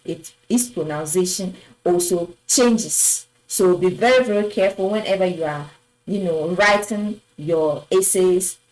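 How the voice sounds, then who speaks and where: A woman teaching French pronunciation, patiently repeating each word and affirming with a soft "yes". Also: medium pitch, rough recording. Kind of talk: slow explanatory lesson.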